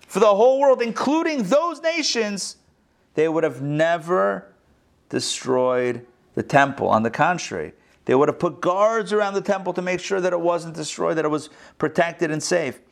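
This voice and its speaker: A man teaching a class as a rabbi, his voice sitting a touch higher than most men's. He talks with energy and keeps tossing rhetorical questions to his students, then answering them himself. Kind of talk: interactive lesson.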